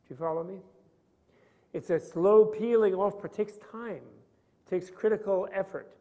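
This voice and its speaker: An older man with a high, mellow voice lectures on Buddhist philosophy at a normal pace. He rambles conversationally and keeps checking in with his students by asking them questions. The hall gives the recording a long reverb.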